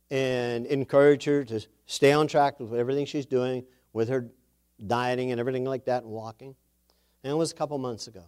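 Preaching and recounting his testimony, a medium-pitched man stays animated throughout. He acts out quoted dialogue and punctuates it with emphatic exclamations.

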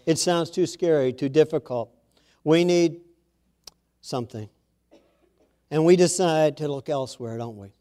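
A man preaching a sermon, telling a story and then speaking earnestly and quietly to his listeners. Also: a little high. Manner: slow, earnest, softening into quiet intimate tones.

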